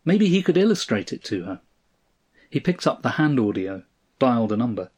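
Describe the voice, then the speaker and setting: Husky man reading a story aloud. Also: medium pitch, big pitch swings, a little mellow. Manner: measured, dramatic storytelling. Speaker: narrator.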